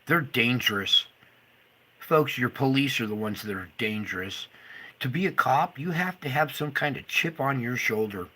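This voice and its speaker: A man's voice: medium pitch, expressive, normal speed, breathy edge. Man in a furious, profane rant. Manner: furious, profane ranting that swings between shouting and muttering. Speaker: video creator. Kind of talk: angry monologue to camera.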